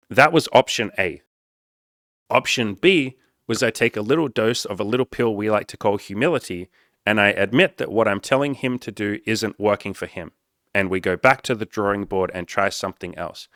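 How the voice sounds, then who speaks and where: A man's voice: lowish voice, a little fast, no room sound, studio quality. A man, a dating and self-improvement coach, telling a candid story to camera in a casual, profane, self-mocking way. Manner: casual, profane, self-mocking, quotes people in lively voices.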